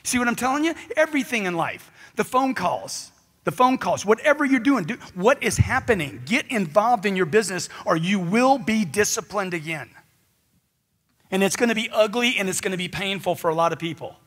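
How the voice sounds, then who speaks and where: Husky high-pitched man firing rhetorical questions. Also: animated, brisk, a bit bright. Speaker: motivational speaker. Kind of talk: live motivational seminar talk. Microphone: handheld mic.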